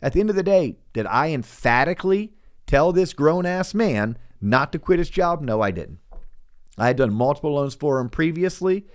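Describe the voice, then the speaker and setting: A middle-aged man hosting a podcast, telling a work story in a casual, animated way, acting out the voices he quotes, with stammered restarts. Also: fairly high pitch, normal speed. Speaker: podcast host and loan officer.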